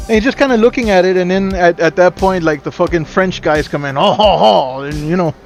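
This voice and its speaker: A man co-hosting a podcast, recounting a film's scenes in casual chat, animated and swearing freely. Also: high voice, fast talker, soft background music. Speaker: podcast co-host.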